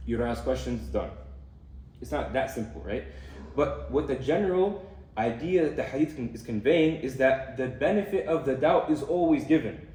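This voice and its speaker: A young man giving a casual talk on a hadith, explaining in a relaxed way with fillers and Arabic terms. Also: mid-range voice, normal speed, a little hiss or hum. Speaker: student speaker on hadith. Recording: echoey room from far off.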